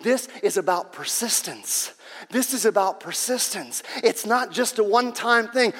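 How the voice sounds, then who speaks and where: A man preaching a sermon as pastor, impassioned and repetitive, swinging between loud and hushed. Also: high-pitched, expressive, unhurried, long reverb tail.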